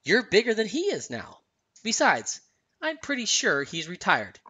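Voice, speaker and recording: A man reading a storybook aloud, voicing a calm, gentle queen who speaks kindly and steadily. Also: sits high, unhurried, breathy edge, pitched above the performer's own voice, heavily acted.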